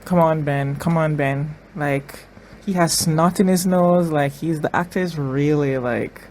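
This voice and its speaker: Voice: medium pitch, unhurried, darkish tone, a little hiss or hum, poor audio. Tearful TV reaction host, repeating phrases. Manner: emotional, repeats phrases, thinks aloud with many restarts. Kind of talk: emotional TV episode reaction commentary.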